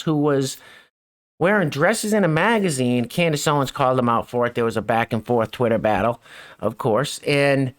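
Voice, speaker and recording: A middle-aged man hosting a mocking news commentary show, with sarcastic, chuckling asides. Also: fairly high pitch. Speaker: show host.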